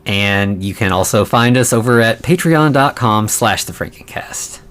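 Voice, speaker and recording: Low-voiced American man, laid-back podcast co-host. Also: expressive, moderate pace, fairly bright tone. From United States. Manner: hesitant, laughs easily. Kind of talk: casual podcast chat.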